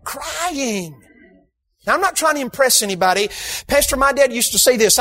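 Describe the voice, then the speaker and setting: A man preaching a sermon in a church, emphatic, bursting into shouts for emphasis and slipping in humorous asides. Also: very high voice, lively intonation, a little fast. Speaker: guest preacher. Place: church sanctuary.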